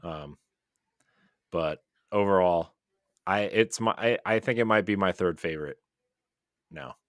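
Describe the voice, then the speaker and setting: A man with a low voice chats enthusiastically on a podcast, rambling with fillers and restarts. His voice sits close and dry, with no room sound around it. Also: unhurried, dry recording. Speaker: podcast co-host. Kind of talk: casual chat.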